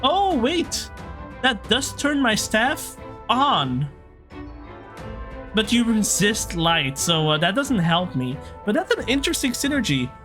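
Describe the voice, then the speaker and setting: A young man chatting excitedly through his gameplay commentary, reacting out loud to every turn as he plays. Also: high-pitched, slow, soft background music. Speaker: let's play gamer.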